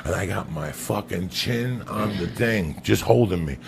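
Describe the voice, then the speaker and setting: A man telling a long personal story on a podcast in a profane, animated way. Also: low voice, measured pace, creaky, crowd noise. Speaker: podcast guest. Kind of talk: storytelling anecdote.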